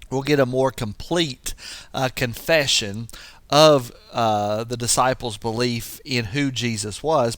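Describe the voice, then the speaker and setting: A man giving a devotional Bible teaching in an earnest, lively way, acting out the quoted lines. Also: no room sound. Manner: earnest, lively, acts out quotes with rising pitch. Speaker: preacher.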